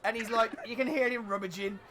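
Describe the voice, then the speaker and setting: A man narrating as game master in a casual, halting way. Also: extremely high pitch, steady tone, sharp tone.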